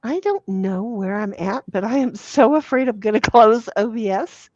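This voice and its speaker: A woman's voice: on the high side, animated, moderate pace, a little mellow, dry recording, dull audio. A woman hosting a livestream, chatting casually, swearing freely and reading viewer messages aloud while playing a party game. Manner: swears freely, laughs often, reads chat aloud. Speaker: livestream host.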